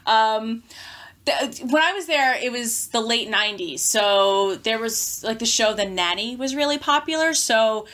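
A woman from Queens with a strong Queens New York accent, a podcast guest telling stories in casual chat with an animated, laughing manner. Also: on the high side, normal speed, a little hiss or hum. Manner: animated, storytelling, laughing easily.

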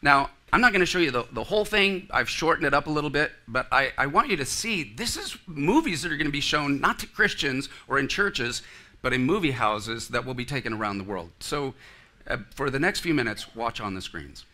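A man's voice: mid-range voice, sing-song, a little fast, sharp tone. A male pastor preaching a sermon in a church, earnest, with asides to the congregation. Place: church sanctuary.

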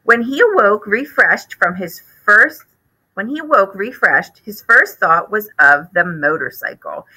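Teacher read-aloud: woman, expressive narration, sharp bright tone, animated pitch. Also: unhurried, poor audio. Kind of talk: reading a children's book aloud.

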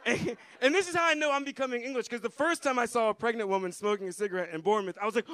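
American male stand-up, young, very high and bright voice, loose chatty crowd work on a club stage. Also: very fast, few pauses. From United States. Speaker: stand-up comedian. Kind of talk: stand-up comedy set.

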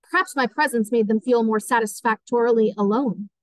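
A woman's voice: a little high, a little fast, no echo, rough recording. Woman teacher reading a novel aloud. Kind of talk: audiobook narration.

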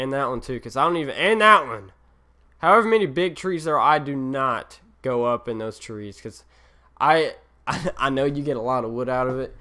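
Sounding tired, a young man narrates a Let's Play for his gaming channel in a medium, slightly bright voice. He drifts aimlessly between subjects, poking fun at himself as he plays.

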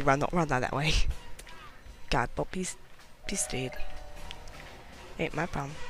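A medium-pitched commentator chats casually while playing a game, giggling, poking fun at themself and getting nervous as danger draws near. It's let's-play commentary on a rough recording with slight background noise.

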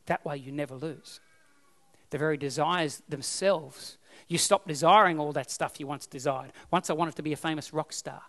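A man's voice: fairly high pitch, normal speed, a bit bright, long reverb tail. An Australian man preaching a sermon as pastor, emphatic and repeating his key phrases.

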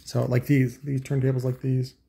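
Gravelly-voiced crude sarcastic man. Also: mid-range voice, completely flat delivery, normal speed, warm tone, slight background noise. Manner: crude, sarcastic, mocking, with scoffing asides. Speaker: vlogger reviewing audio magazine. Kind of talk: casual profane rambling commentary.

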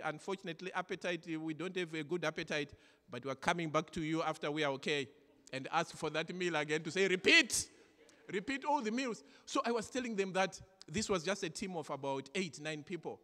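A middle-aged man preaching a sermon in a church, earnest and repetitive, moving between loud exhortation and soft, personal storytelling. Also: fairly high pitch. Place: church hall. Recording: church hall reverb.

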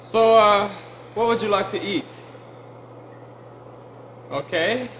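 Goofy Italian pizza cook played by a man, high-pitched, slow and drawn out, hammy mock Italian accent, noisy home recording. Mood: baffled. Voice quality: high, exaggerated put-on voice. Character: goofy male Italian pizza cook, gossipy and easily offended. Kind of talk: amateur comedy sketch.

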